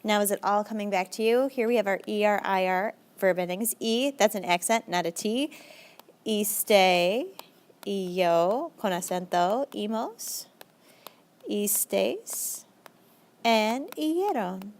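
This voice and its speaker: A young adult Spanish teacher gives a recorded lesson in a brisk, chatty way. She's encouraging, her pitch jumping around lively.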